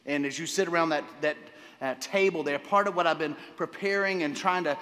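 A man pastor preaching a sermon to his congregation, enthusiastic, often repeating words and pausing with fillers. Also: fairly high pitch, sharp tone. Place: church sanctuary. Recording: long hall reverb.

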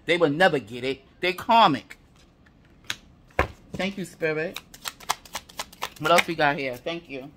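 A man's voice: on the high side, a little slow, long pauses, heavy background noise. A man giving a tarot reading to viewers, heated and profane, piling up repeated affirmations. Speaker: tarot reader.

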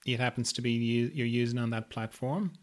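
A man's voice: mid-range voice, brisk. Easygoing male podcast host. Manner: easygoing, summarizes and checks in with "yeah?". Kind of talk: casual interview chat.

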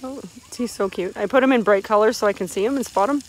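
A woman filming her son at an outdoor spray park on her phone, rambling casually with fillers and laughs, her voice a bit hoarse. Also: medium pitch, quick pace, poor audio. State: hoarse from screaming.

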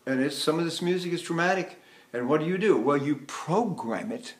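An older American voice teacher gives a vocal lesson, rambling as he talks and breaking into sung demonstrations. His voice is a little high and brisk, with lively intonation.

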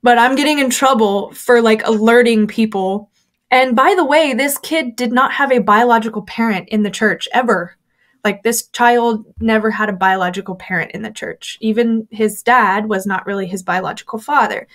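A woman's voice: a little high, normal speed. A woman being interviewed, telling a personal story candidly with lots of fillers, acting out the voices of people she quotes. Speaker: interview guest, former church member.

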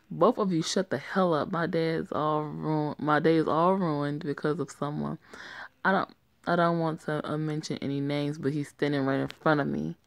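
A young woman with a low, gravelly voice who voices every part of a homemade story drama on her own. She speaks slowly and often giggles through the lines. The sound is close and dry. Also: dry recording. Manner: giggles often while reading, playful. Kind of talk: amateur story voice acting, playing all parts.

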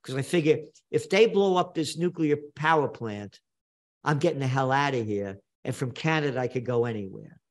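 A blunt older man from New York speaks at a moderate pace in a mid-range voice. As an interview guest, he tells stories animatedly and emphatically, repeating phrases for effect.

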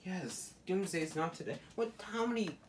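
A let's play gamer gives live commentary over a fighting game, exasperated as he exclaims at and pleads with his opponent. His mid-range voice is animated and moves at a moderate pace.

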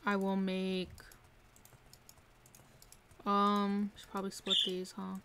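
Streaming a video game live, this woman talks slowly in a monotone, medium-pitched voice. She chats casually, talks to herself, reads chat, and often giggles, while faint background noise carries mouse clicks and keyboard taps.

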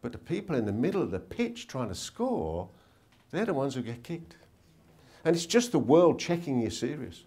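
Brief: male seminar speaker, lively pitch, storytelling, tag questions, hotel conference room. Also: moderate pace, breathy edge. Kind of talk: motivational talk with anecdotes.

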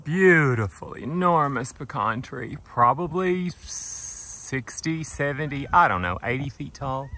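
A man giving a gentle, affectionate walking tour of his farm outdoors, filmed on a handheld camera. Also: medium pitch, expressive, slow, hardly any pauses, slight background noise. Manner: gentle, affectionate, talks to trees and animals. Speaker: vlogger touring his farm. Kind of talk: casual walking tour vlog.

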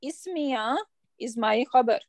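High-voiced woman teaching grammar. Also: a little slow, a little mellow, no room sound. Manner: patient, explanatory, checks understanding with questions. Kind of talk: online class lesson.

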